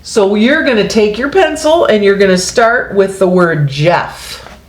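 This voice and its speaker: Patiently and in a sing-song way, a woman shows pages to young children while teaching them an early-grade phonics reading lesson. Her mid-range voice has lively intonation, she speaks a little slowly, and the sound is roomy.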